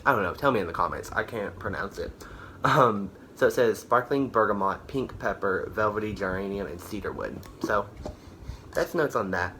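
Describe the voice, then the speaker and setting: Slight background noise accompanies a man's lowish, bright, forceful voice as he chats about a candle haul at a normal speed with lively intonation. He rambles, fills pauses, corrects himself often, and comes across a little tired and short of breath in this casual review.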